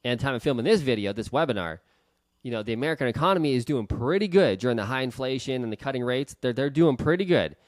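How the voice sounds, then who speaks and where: Male investor, mid-pitch, blunt and fired-up webinar delivery, dry sound. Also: lively intonation, quick pace, no echo. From Canada. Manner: blunt and heated, swears, big swings in emphasis. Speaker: real estate investor presenting a webinar. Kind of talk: unscripted webinar talk.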